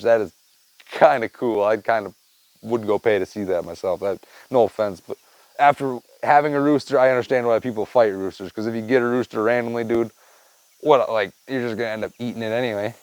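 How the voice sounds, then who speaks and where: A man with a mid-range, gravelly and slightly mellow voice hosts a podcast, swapping stories in a laid-back, rambling, profane style and tagging "man" and "dude" onto what he says. The rough recording has no room sound.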